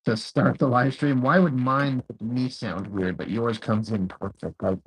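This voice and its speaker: Man, casual livestream host at home, husky voice, relaxed and bemused. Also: mid-range voice, measured pace, rough recording. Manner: easygoing, puzzled, talks through tech trouble. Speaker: live stream host. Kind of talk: casual chat. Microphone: phone.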